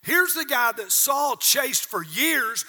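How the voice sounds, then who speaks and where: A man in his sixties preaching a sermon as pastor, dramatic, dropping to hushed asides and rising to shouts, with rhetorical questions to the congregation. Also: extremely high pitch, animated, slow. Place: church auditorium. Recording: long reverb of a large church hall.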